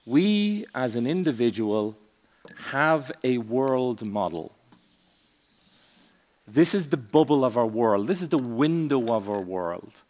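Man, keynote speaker, stage, dramatic pauses, punchy asides. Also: mid-range voice, very animated, a little mellow, long reverb tail. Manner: theatrical, varied delivery with long pauses and punchy asides. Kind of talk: conference keynote speech. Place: conference stage.

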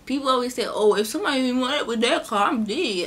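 A woman's voice: brisk, few pauses, breathy edge. A young woman vlogger, chatting casually through a storytime and acting out the people in it. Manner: chatty, animated, acts out quotes in a higher voice. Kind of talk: casual storytime during a mukbang.

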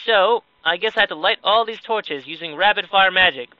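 A man's voice: sits high, normal speed, hardly any pauses, sharp tone, no echo, muffled recording. A man giving casual, sarcastic let's-play commentary, exclaiming and joking at the game as he plays. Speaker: gaming video creator.

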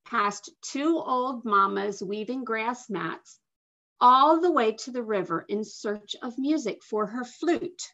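A woman slowly and expressively reading a picture book aloud to children over a video call. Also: fairly high pitch. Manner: slow, expressive storytelling with soft asides. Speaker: guest reader. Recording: dull lo-fi video call audio.

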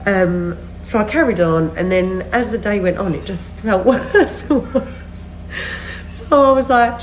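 A woman in her thirties, worn out from a recent illness, updates her followers on a phone video, rambling and laughing mid-sentence as she chats to camera. Her voice is medium-pitched and measured, and the rough recording carries a little hiss or hum.

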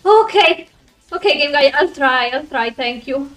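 A woman streamer chatting casually with her viewers while she plays, excitable, laughing often and swearing when frustrated. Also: high voice, unhurried, distant mic, faint music behind. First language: Italian. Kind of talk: casual live-stream chat while gaming.

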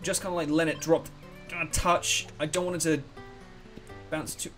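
A young man commentating a game, rambling and excitable, swearing freely. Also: on the high side, moderate pace, soft background music. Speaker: let's play host. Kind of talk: gameplay commentary.

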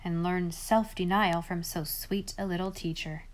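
A woman's voice: fairly low pitch, steady tone, unhurried, lightly acted. A woman voicing a wise, kindly grown man who muses on a lesson. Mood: reflective.

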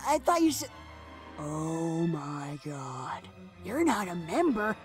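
A man's voice: a little high, very animated, takes it slowly, over loud music. A man voicing a dry, snarky young swordsman. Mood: wry. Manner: dry sarcastic quips. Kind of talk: comedic anime parody dub.

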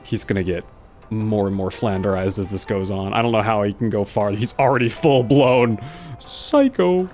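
A man casually commenting on his gameplay, excitable and sarcastic, jumping between low mutters and loud yelps. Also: normal speed, faint music behind. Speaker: gaming video host. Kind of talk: casual let's-play commentary.

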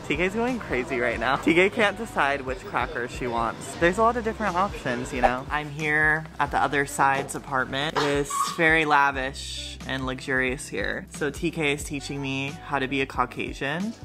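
A woman's voice: deep voice, normal speed, over music. A young woman talking to the camera in a casual vlog, chatty and playful. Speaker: vlogger.

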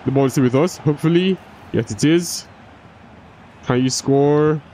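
A man's voice: mid-range voice, unhurried, warm tone, slight background noise. A young man giving casual gameplay commentary, often frustrated, swearing and restarting his sentences. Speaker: gaming YouTuber.

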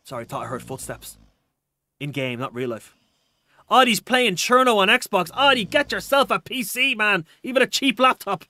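A man's voice: high-pitched, animated, moderate pace, pushed and bright. An Irish man chatting casually while streaming a game, reading out viewer comments in a rambling, restart-prone way.

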